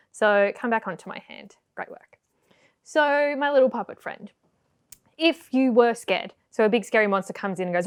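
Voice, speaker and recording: A woman's voice: a little high, clean tone. A woman teaching a puppet-making workshop for children, cheerful and encouraging. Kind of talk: children's craft tutorial.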